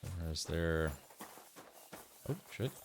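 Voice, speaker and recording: A man's voice: sits low, slow, creaky, a little hiss or hum. A man streaming a game, chatting casually, thinking aloud and answering his chat. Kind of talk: casual gameplay commentary.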